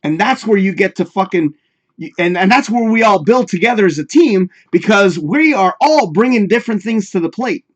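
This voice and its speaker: Man, livestream host, high voice, very lively pitch, profane, rambling. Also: moderate pace, highs cut off. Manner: profane, rambling, talks straight to viewers. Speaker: host of a live talk show. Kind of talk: casual livestream chat.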